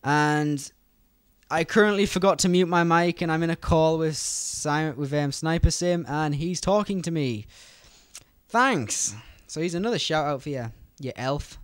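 A young British man chatters through gameplay commentary at a quick, rambling clip, speaking straight to his viewers. His voice is smooth, sits a touch high, and is recorded close and dry with no room sound. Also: dry recording. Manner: fast, rambling, chatty, addresses viewers directly. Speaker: gaming YouTuber.

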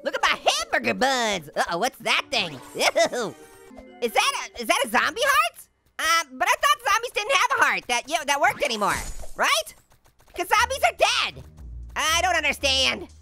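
A squeaky, giggling cartoon orange. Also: male voice, huge pitch swings, normal speed, bright, forceful tone, soft background music, exaggerated voice. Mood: goofy. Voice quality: squeaky, high, gravelly edge. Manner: giggly, pun-telling, constantly laughing at own jokes. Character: hyper, wisecracking talking orange with punny jokes. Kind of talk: gaming let's-play commentary.

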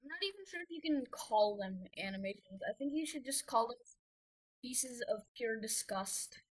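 A woman's voice: fairly high pitch, expressive, moderate pace, rough recording. A woman giving rambling, self-mocking commentary while playing a game, easily flustered. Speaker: gamer. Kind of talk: gameplay commentary.

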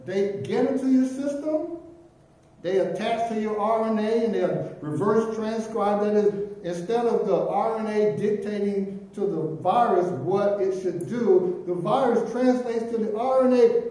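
A middle-aged pastor preaching a sermon, swinging between loud emphatic lines and near-whispered ones. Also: male voice, high-pitched, a little slow. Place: church sanctuary. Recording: very echoey church room from a distance.

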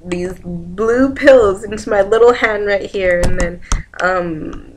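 A woman's voice: mid-range voice, slow, a little hiss or hum. A young woman casually retelling a dream, rambling from one event to the next and acting out what people said. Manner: rambling, chains events with "and then", acts out quoted lines. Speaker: vlogger.

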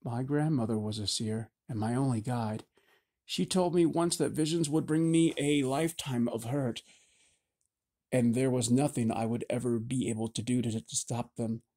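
A man's voice: medium pitch, normal speed, warm tone, lightly acted. A man reading an audiobook, voicing a frightened young woman seer in a raised, pleading, shaky voice. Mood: earnest. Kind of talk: audiobook character voice.

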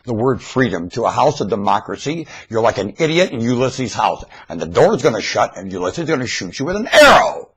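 A man in a rambling webcam monologue, veering between high shouts and low mutters, recorded on a webcam microphone at home. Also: very animated, brisk, hardly any pauses, slightly rough, lo-fi sound. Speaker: vlogger.

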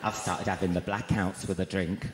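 A man's voice: low voice, level tone, normal speed, heavy background noise. Brief: male stand-up, camp and gossipy, shrieking peaks, roomy arena sound with a roaring crowd. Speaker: stand-up comedian. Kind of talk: stand-up comedy routine. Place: large arena before a live crowd. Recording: echoey arena, loud crowd laughter. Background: audience laughter.

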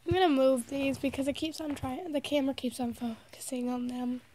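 A woman's voice: high voice, steady tone, a little fast, mellow, a little hiss or hum. A teenage girl with a congested, sick voice, casually chatting through a toy unboxing vlog. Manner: chatty, giggly, amused. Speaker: vlogger.

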